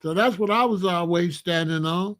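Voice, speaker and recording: High-voiced man telling street stories. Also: moderate pace. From Chicago. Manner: animated, slangy street-talk storytelling. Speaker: commentary host. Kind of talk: opinionated storytelling monologue.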